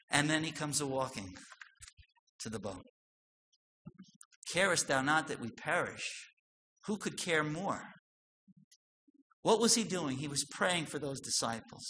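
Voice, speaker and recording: Bright-voiced male preacher in a reverberant hall. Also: animated, a little slow, pauses often. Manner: swings from loud emphatic lines to soft low asides. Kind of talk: sermon. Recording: long hall reverb with faint noise.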